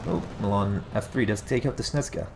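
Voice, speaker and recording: A man with a lowish voice casually casts a strategy game replay as live play-by-play, with background noise behind him. Allergies leave him stuffy and nasal, and he muses aloud, correcting himself as he talks.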